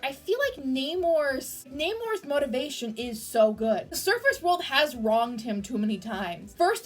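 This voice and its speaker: A young woman gushing through a casual movie review, excitable and full of fillers. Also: high-pitched.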